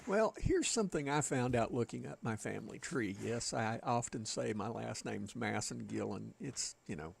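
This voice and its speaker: A man's voice: mid-range voice, expressive, moderate pace, gravelly, few pauses, slight background noise. A man with a Southern American accent, rambling folksily to his live chat while playing a game. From Southern United States. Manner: folksy, rambling, chatting with viewers. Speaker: game streamer.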